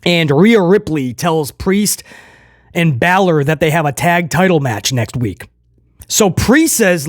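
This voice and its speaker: A man reviewing a wrestling show in casual commentary, animated, laughing often and addressing viewers directly. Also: on the high side, takes it slowly, dry recording, clean studio sound.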